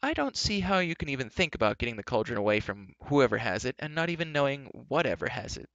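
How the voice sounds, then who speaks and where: A man voicing a sharp, impatient young princess who scolds in a raised pitch, on a dull lo-fi recording. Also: big pitch swings, quick pace, no room sound. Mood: scolding.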